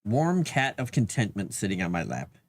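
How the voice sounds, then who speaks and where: A man's voice: fairly low pitch, huge pitch swings, normal speed, gravelly, dry recording, clean studio sound. A man rambling casually on a livestream, chatting to his cat between thoughts.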